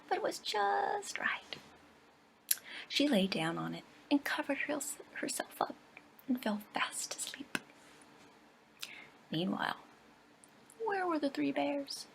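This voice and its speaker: A woman reads a children's storybook aloud, her voice soft and often dropping to a half-whisper. Her delivery has a lively, expressive pitch and a gravelly texture, with faint ambient noise behind her. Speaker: library storyteller.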